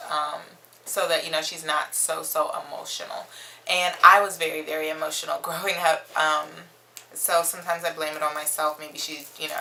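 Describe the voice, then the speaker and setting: A woman's voice: lowish voice, sharp tone, a little hiss or hum, rough recording. A young woman chatting to camera as a mom vlogger, reading questions from her phone with lots of ums. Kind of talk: casual chat to camera.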